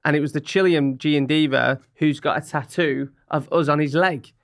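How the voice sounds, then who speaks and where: A man's voice: a little high, steady tone, normal speed, gravelly. A man, co-hosting a podcast and telling stories in casual banter. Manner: chatty, storytelling, self-mocking. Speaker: podcast co-host.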